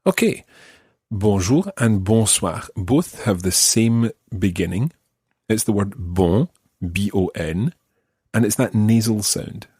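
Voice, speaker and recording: A Scottish man teaching a podcast language lesson, patiently modelling each word slowly and carefully. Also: fairly low pitch, animated, a little mellow, husky, no echo, studio quality. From Scotland.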